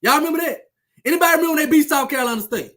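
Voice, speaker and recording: High sharp-voiced dude ranting at his viewers, cussing, taunting, says stuff twice. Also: very fast. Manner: fiery, repetitive, profane, taunting. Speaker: sports commentator with his own channel. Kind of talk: heated sports rant to viewers.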